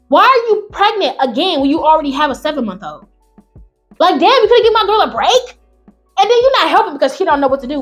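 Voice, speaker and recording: A woman host reading online stories aloud in a quieter voice, then breaking into loud, exclamatory rants full of swearing. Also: very high-pitched, big pitch swings, brisk, soft background music. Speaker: channel host.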